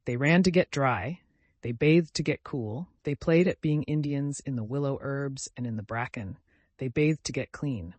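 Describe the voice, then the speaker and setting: A man narrating a classic novel as an audiobook, reading in an expressive storytelling manner. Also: mid-range voice, moderate pace, no echo, dull audio. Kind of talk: scripted narration.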